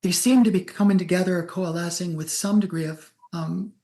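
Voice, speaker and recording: A man hosting an interview, asking long rambling questions and often clearing his throat. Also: high voice, fairly even intonation, a little fast, mellow. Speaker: interview host.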